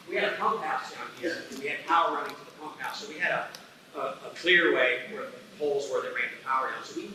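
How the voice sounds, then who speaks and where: In a hall before an audience, a man with a fairly high, bright, pushed voice tells his story as an eyewitness speaker at a talk. He rambles in a folksy way, frequently asking "okay?", and the reverberant hall recording carries slight background noise.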